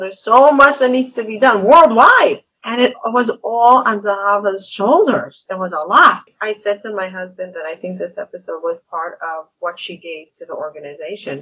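Female host, husky voice, earnest and animated in conversation. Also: mid-range voice, poor audio. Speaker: podcast host. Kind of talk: conversational interview.

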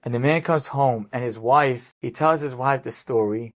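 A male rabbi telling an inspirational story in a lively, conversational way. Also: medium pitch, moderate pace.

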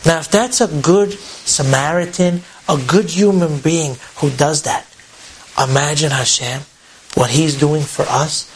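A man's voice: on the high side, measured pace, a little hiss or hum, low-quality recording. A man telling an inspirational story to an audience in a casual, conversational way with asides.

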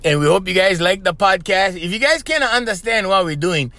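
Speaking thick Hawaiian Pidgin, a Hawaiian man runs his own solo podcast, joking loosely and calling everyone "bro." His high voice is bright, forceful, animated and brisk. The recording is close and dry, with no room sound at all.

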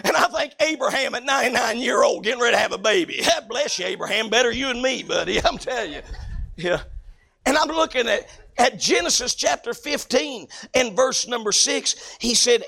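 Gravelly high-voiced preacher. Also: male voice, animated, a little fast. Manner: folksy storytelling with loud preaching bursts. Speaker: pastor. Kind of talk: sermon.

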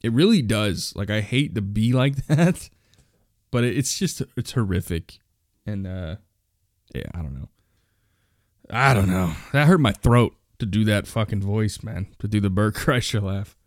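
A young man hosts his own podcast in a blunt, foul-mouthed rant. He talks slowly and without hurry, and his voice sits dry and close with no room sound around it. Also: fairly low pitch, dry recording. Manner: blunt, profane, complaining. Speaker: podcast host.

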